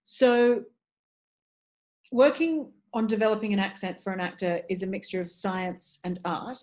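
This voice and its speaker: A woman's voice: medium pitch, fairly even intonation, unhurried, a little mellow. A middle-aged woman with an Australian accent, a voice and dialect coach talking casually and articulately in an interview, restarting phrases as she thinks aloud.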